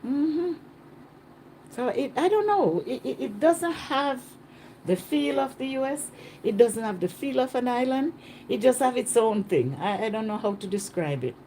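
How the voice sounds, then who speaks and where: A woman's voice: fairly high pitch, a little slow, slight background noise. Chatty woman vlogging outdoors. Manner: chatty, animated, repeats herself. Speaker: travel vlogger. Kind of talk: casual vlog chat. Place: outdoors on a Caribbean island.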